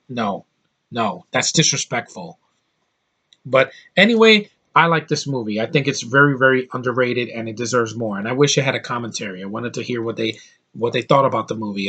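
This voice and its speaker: Guy ranting about a movie he loves, rambly, opinionated, gets loud in spots. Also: mid-range voice, breathy edge. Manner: rambling, opinionated, emphatic bursts. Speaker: movie reviewer. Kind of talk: casual vlog review.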